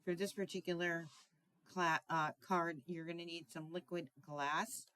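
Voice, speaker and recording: A middle-aged woman with a slightly low voice talks through a card-making tutorial in a relaxed, chatty way. She often pauses with ums and clears her throat. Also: no room sound. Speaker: craft tutorial host.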